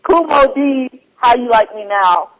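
A man hosting a casual chat show, teasing and animated as he argues about music and recites rap lines. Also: very high voice, a little slow, crowd noise, low-quality recording. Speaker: podcast host.

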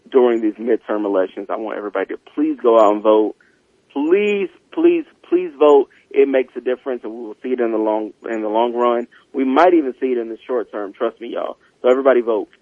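A man's voice: mid-range voice, steady tone, fast, no room sound, phone-quality sound. A man from South Carolina co-hosting a radio show, talking earnestly and pleading with listeners.

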